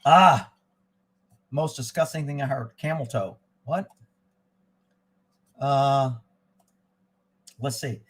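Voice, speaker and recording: Speaking slowly with frequent pauses, this man has a mid-range voice with a breathy edge, captured on a low-quality recording. As host of a live news and chat stream and a former child abduction investigator, he tells casual, digressive stories, blunt and full of swearing.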